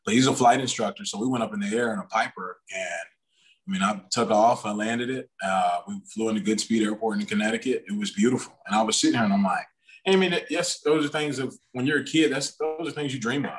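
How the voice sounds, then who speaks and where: A young man with a fairly low voice talks loosely as a podcast guest. He rambles, restarts his sentences and leans on fillers as he tells his story. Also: fast, low-quality recording. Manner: self-aware talker. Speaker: podcast guest, pro football player. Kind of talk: casual interview chat.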